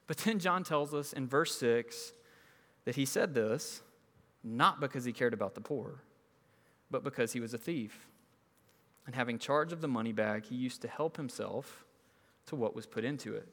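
A man's voice: mid-range voice, normal speed, long pauses, a bit bright, long reverb tail. A man preaching a sermon in a conversational way, acting out the people in his stories. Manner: conversational, acts out quoted people. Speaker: pastor.

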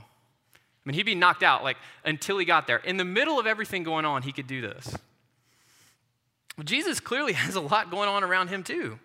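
A man's voice: on the high side, bright, forceful tone. Guy preaching in a church, chatty and earnest, telling stories, lots of hall echo. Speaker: pastor. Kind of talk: sermon.

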